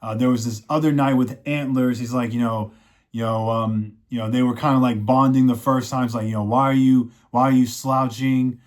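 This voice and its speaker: A man's voice: mid-range voice, fairly even intonation, a little fast, darkish tone. A man giving a casual, rambling plot recap of a show, full of fillers and restarts, briefly acting out the characters' lines. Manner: rambling, many fillers and restarts, acts out quotes. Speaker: show reviewer.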